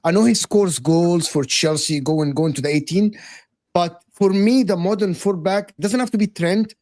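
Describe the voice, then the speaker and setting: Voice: mid-range voice, moderate pace, a little mellow, no echo. Emphatic guest arguing football, dry sound. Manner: argumentative, emphatic. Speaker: panel guest. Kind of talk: opinionated football debate.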